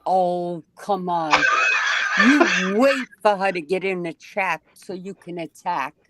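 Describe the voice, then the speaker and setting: A woman's voice: lowish voice, takes it slowly, a bit bright. Teasing woman in casual chat. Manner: teasing, needling.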